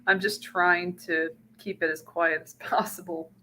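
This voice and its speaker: A woman with a lower but bright, forward voice chats casually and easygoingly. She sits away from her microphone, and a faint hiss runs under the recording. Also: little pitch movement, a little slow, poor audio. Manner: chatty, easygoing. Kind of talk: casual chat. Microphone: mic placed far away.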